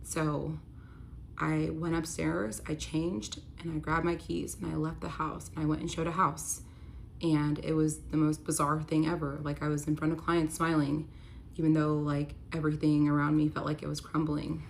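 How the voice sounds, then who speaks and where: With a low, gravelly voice that barely shifts in pitch, a young woman at normal speed recounts her personal story as a real estate agent to her phone camera. She's candid and earnest, saying "like" casually throughout, and a little hiss or hum is audible.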